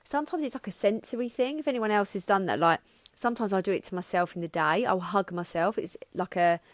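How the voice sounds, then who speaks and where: In this candid monologue, a woman in her thirties who hosts a podcast opens up about her life with raw emotion and plain honesty. Her voice sits fairly low, there's no echo, and she keeps restarting her sentences and lets a few curse words slip.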